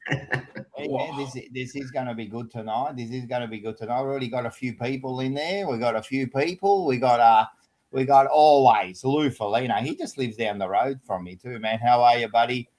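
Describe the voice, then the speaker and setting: A man's voice: medium pitch, a little fast, darkish tone. An Australian man hosting a casual live-stream chat, laid-back and chatty. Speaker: host.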